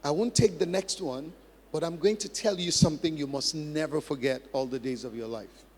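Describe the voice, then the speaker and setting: A man's voice: a little high, normal speed, a little mellow. A man preaching a sermon as pastor, emphatic, repeating key phrases and acting out practice drills. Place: large church hall. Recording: long hall reverb.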